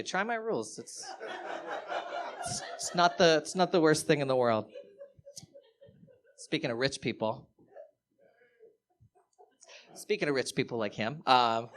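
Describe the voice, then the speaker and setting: A man performs a stand-up set to a live crowd, talking into a handheld stage mic. He tells a story in a loose, animated way, with his pitch leaping as he acts out what other people said. His voice sits at an ordinary middle pitch. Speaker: stand-up comedian. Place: live comedy venue, audience laughter.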